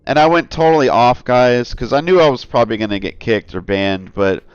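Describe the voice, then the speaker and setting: A man's voice: mid-range voice, fairly quick, clear, resonant tone, no room sound, highs cut off, soft background music. A man hosting a casual commentary vlog, talking in a rambling, earnest way and often calling his viewers "guys.". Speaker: channel host.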